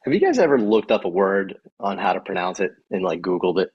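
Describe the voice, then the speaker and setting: A man's voice: sits low, very animated, fast talker, husky, lo-fi sound. A man hosting a physical therapy podcast in casual chat, rambling with many fillers and frequent laughter.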